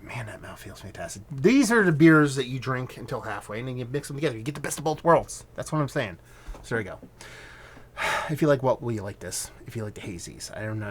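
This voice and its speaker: A man giving a casual beer review, rambling loosely, swearing now and then, and correcting himself as he goes. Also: mid-range voice. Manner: muses aloud, trails off and corrects himself.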